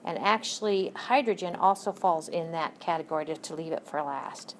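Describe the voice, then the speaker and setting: A woman teaches chemistry in a recorded lecture, speaking in a low voice at a moderate pace with hardly any pauses. She is chatty, corrects herself, and tosses joking asides to her students, with slight background noise present.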